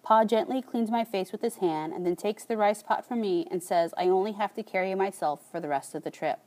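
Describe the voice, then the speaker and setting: A woman narrating an audiobook in a calm, measured first-person reading. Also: medium pitch.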